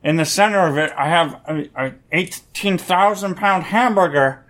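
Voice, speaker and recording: A man playing a laid-back, swaggering movie star in a tabletop game, in a low mumbling drawl. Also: moderate pace, a bit bright, lightly acted. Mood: lazy drawl. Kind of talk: tabletop role-play in character.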